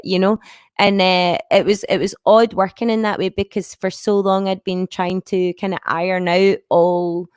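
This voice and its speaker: A woman's voice: mid-range voice, level tone, normal speed, a little mellow, smooth, no room sound, clean studio sound. Frank Scottish woman, broad Lanarkshire accent. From Scotland. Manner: frank and chatty, sprinkled with fillers and a stray swear. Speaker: musician guest. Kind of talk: casual interview chat.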